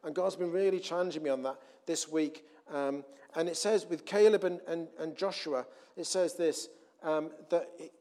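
Male preacher, sermon, fairly high voice, chatty, loud and soft by turns. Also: normal speed, hardly any pauses. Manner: conversational, with many restarts and swings between loud emphasis and quiet asides.

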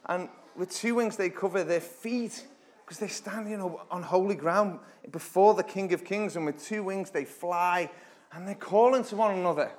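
A man giving an informal Bible teaching in a church, chatting conversationally, then reading scripture slowly and dramatically with sudden loud emphatic bursts. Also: high voice. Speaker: preacher.

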